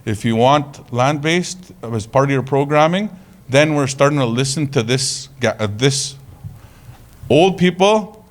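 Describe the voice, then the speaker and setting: Man, conference talk, casual, joking, animated storyteller, mid pitch. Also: unhurried. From Canada. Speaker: conference presenter.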